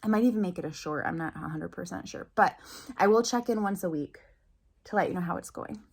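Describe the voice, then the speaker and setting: A woman's voice: lowish voice, brisk, slightly rough. Earnest chatty woman vlogger. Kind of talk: personal weight-loss update vlog.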